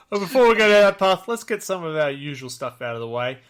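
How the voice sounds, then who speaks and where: Upbeat Australian male podcast host, high and bright, self-mocking humor. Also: very animated, a little fast, clear, resonant tone. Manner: jokey, laughs often, self-deprecating. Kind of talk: casual podcast chat.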